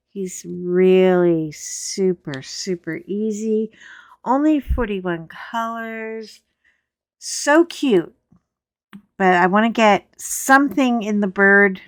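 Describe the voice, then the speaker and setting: Hoarse as she recovers from laryngitis, a middle-aged woman hosts her coloring channel from a chair at home. She chats casually and rambles with wry humor in a mid-range voice. The recording is dry.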